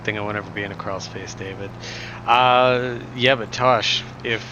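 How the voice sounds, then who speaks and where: A man's voice: fairly low pitch, fairly even intonation, moderate pace. A young man streaming a game, chatting casually and jokingly as he reads chat aloud. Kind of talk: live gameplay stream chat. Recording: muffled, noisy recording.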